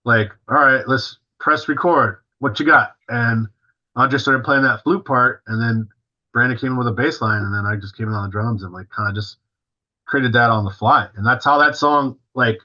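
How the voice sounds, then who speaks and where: A man's voice: mid-range voice, fairly even intonation, moderate pace, sharp tone, muffled recording. A male drummer, a guest on an interview, tells a story casually and animatedly, full of fillers and acting out what others said.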